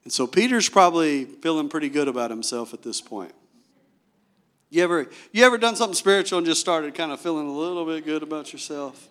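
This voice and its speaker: Animated high-voiced male preacher. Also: brisk. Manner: animated storytelling, direct questions to the congregation. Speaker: pastor. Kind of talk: sermon.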